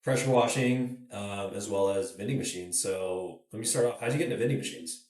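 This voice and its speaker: A man hosting a podcast in a relaxed way, asking short, encouraging questions. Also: fairly low pitch, fairly quick. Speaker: podcast host. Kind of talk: casual interview. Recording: roomy, echoey sound.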